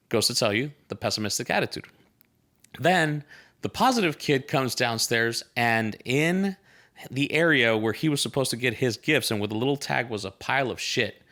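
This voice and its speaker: Casual, upbeat man, mid-range pitch, rambling storyteller speaking to a camera. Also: lively intonation, normal speed, bright, forceful tone. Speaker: real estate agent. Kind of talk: casual motivational talk to camera. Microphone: camera mic, filmed by a team member.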